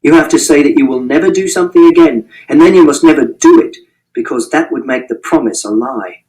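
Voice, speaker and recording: A man's voice: fairly high pitch, lively intonation, fairly quick, a little mellow, recorded from a distance, poor audio. A man reading a novel aloud in first person, in a plain, matter-of-fact, literal way. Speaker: audiobook reader.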